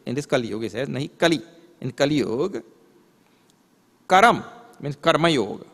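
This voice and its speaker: A man's voice: medium pitch, lively intonation, fairly bright tone. A man, a swami, giving a spiritual lecture, explaining scripture terms and asking rhetorical questions. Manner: recites verses in a slow chant. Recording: long hall reverb.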